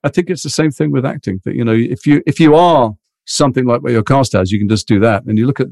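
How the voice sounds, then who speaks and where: An English actor from Liverpool, appearing as a guest, spins fast, rambling, animated tales in a casual interview chat. His voice is medium-pitched and creaky, and his mixed British accent has mild traces of Liverpool and London.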